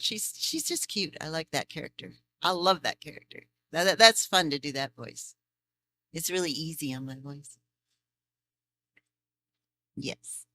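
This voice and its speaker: A chatty voice actress fields fan questions at a convention panel, telling stories with plenty of laughter. Her voice sits somewhat low for a woman yet sounds bright and forceful. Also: unhurried, pauses often, slight background noise. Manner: chatty, laughs often, animated storytelling. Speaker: voice actress guest.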